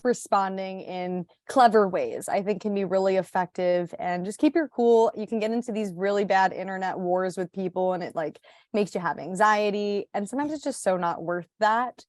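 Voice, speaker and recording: A young woman talks through a workshop presentation in a loose, chatty way, sassy and self-mocking, full of fillers and quick restarts. Her voice sits in a middle pitch, and it is recorded close and dry with no room sound. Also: no echo. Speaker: activist giving a workshop talk.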